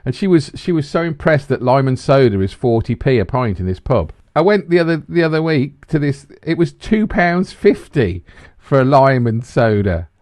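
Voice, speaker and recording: A man's voice: very animated, moderate pace, hardly any pauses, a little mellow, no echo. A man in his forties co-hosting a casual podcast, talking with lots of stumbling restarts. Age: 40s. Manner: stumbling restarts, swings from low grumble to high. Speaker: podcast co-host. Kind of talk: casual banter.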